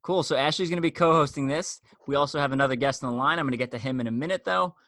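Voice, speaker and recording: A man hosts a podcast in a relaxed, chatty manner, dropping fillers as he goes. His voice is bright and forward. The sound is dry and close, with no room around it. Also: mid-range voice, very fast, no echo. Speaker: podcast host. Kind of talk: conversational podcast hosting.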